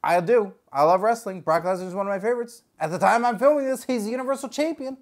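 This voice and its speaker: A man's voice: high voice, quick pace. A man hosting a comedic unboxing video, talking in a goofy, jokey, rambling way. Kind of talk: casual comedic unboxing chat.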